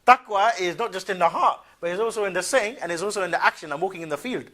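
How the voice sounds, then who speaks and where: Guy with a higher voice lecturing a class on religion, slangy and casual, keeps saying "yeah?", mocking little laughs. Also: fast talker, pushed and bright. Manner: conversational, colloquial, keeps asking "yeah?"; mocking asides with short laughs.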